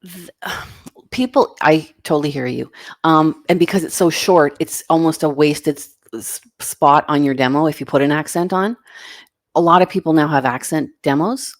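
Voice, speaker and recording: A woman's voice: sits low, moderate pace, no echo, clean studio sound. A middle-aged woman, a voice casting director, giving frank, emphatic advice as an interview guest. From Canada. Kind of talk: casual interview answers.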